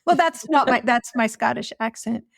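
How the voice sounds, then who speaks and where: A woman's voice: a little high, normal speed, vocal fry, no echo, clean studio sound. A woman co-hosting a podcast, chatting casually, laughing easily and recalling stories. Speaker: podcast co-host, former escort. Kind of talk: casual chat.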